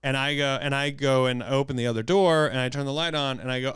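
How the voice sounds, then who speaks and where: A man hosting a podcast, telling a story in a casual, animated way and acting out the quotes. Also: quick pace, clean tone, dry recording, clean studio sound. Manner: animated, acts out quotes with big pitch jumps. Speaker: podcast host.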